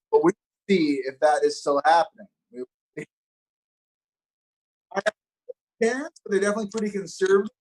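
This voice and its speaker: A young man from Los Angeles doing a stand-up comedy set, upbeat and self-mocking, with deadpan punchlines. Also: sits high, poor audio. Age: young adult.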